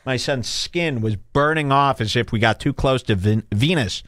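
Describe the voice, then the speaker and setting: A man hosting a comedy podcast, ranting in a mocking, sarcastic way and jumping into put-on high voices. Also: moderate pace, fairly bright tone, dry recording, clean studio sound. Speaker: podcast host. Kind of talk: provocative comedy podcast rant.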